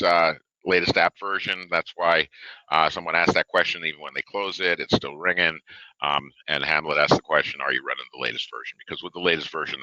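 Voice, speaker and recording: A man presenting a software webinar in a loose, conversational way, with lots of fillers, reading questions off a live chat at his desk. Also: deep voice, no echo, dull audio. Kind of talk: casual product webinar.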